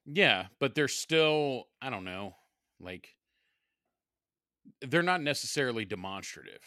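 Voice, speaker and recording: A man with a bright, lively voice co-hosting a podcast. He laughs often and works through ideas out loud. The recording is dry and close. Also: mid-range voice, a little slow, no room sound. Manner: animated, laughs a lot, thinks aloud. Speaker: podcast co-host. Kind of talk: casual chat.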